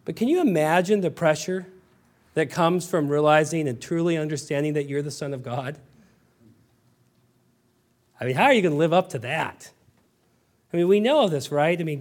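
A man with a notably high voice delivers a sermon as pastor. He drops to quiet, intimate storytelling, then rises to emphatic, ringing declarations. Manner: emphatic, swinging from hushed storytelling to raised exclamations.

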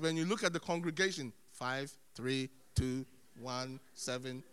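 A man preaching a sermon as a pastor, animated, dropping to hushed tones and then rising loud. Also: mid-range voice, moderate pace, clean tone. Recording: long hall reverb.

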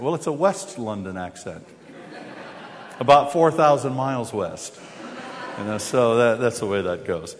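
American preacher in a reverberant church. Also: male voice, medium pitch, lively intonation, unhurried, pauses often. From United States. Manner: many fillers and restarts, wry humor. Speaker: visiting preacher. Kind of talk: sermon with scripture reading. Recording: long hall reverb.

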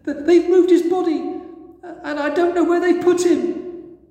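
A man's voice: very high voice, steady tone, a little slow, dark tone, heavy reverb, in a large hall, voice pushed up. A man putting on a sobbing, pleading woman. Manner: stammering, pleading. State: crying. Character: grieving young woman, sobbing desperately.

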